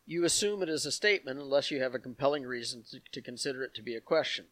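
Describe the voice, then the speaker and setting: A man teaches through the Bible verse by verse, reading passages aloud and explaining them with asides to the congregation. His medium-pitched voice is rapid-fire and a bit bright, with no echo.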